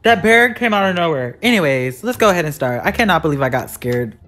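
A woman giving live commentary as she plays a horror game. She talks in an excitable, jumpy way, with sudden shrieks and slangy asides. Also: on the low side, quick pace, faint music behind. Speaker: gaming YouTuber.

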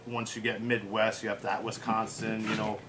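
A man's voice: lowish voice, flat delivery, normal speed, noisy background. An American man hosting a casual chat, rambling through anecdotes with plenty of fillers. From United States. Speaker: host. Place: home room with pets.

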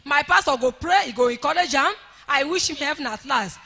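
A Nigerian woman giving an emotional church testimony, rising to shouts of praise. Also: high voice, fairly quick, creaky, long reverb tail.

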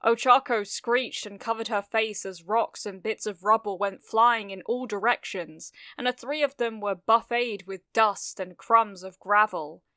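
A woman narrates a fan fiction story in a steady, measured reading voice. Her tone is smooth and clear. The recording is close and dry, with no room around it. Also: mid-range voice, no room sound. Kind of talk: scripted narration.

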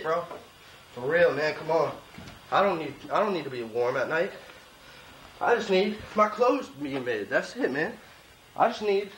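A man's voice: high-pitched, fairly bright tone. A clothing designer in a comic mock-documentary, delivering a rambling, profane rant outdoors by his tent, calling everyone "man" and "bro". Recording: noisy outdoor recording.

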